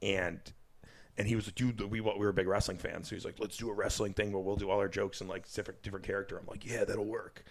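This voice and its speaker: A man with a fairly low voice tells stories from his comedy life on a podcast. He swears freely and laughs often, loose and high. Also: fast talker, creaky. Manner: profane, laughing, animated storyteller. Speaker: comedian guest. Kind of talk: casual podcast storytelling.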